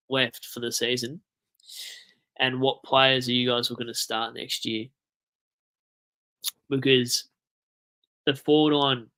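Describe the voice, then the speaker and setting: A young Australian man with a blocked nose, chatting casually and rambling on a livestream, swearing and breaking into animated outbursts. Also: mid-range voice. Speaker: livestream host.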